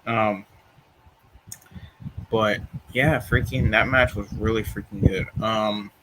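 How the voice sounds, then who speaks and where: A man's voice: on the low side, steady tone, takes it slowly, background noise. A young man in casual chat, rambling and tired, yawning between thoughts, with many fillers and restarts. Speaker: vlogger reviewing wrestling shows.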